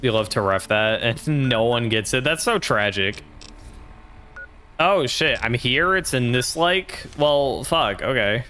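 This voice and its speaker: A man's voice: mid-range voice, expressive, slow pace, pushed and bright, a little hiss or hum. A man streaming a game, joking and rambling in casual commentary, cursing freely.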